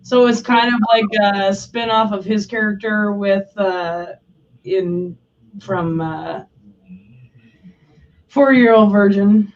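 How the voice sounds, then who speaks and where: A woman's voice: medium pitch, slow, pauses often, darkish tone. A woman co-hosting a live stream, chatting casually, swearing freely and filling her talk with "like". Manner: chatty, swears, lots of "like" fillers. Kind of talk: casual chat. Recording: distant, dull lo-fi mic.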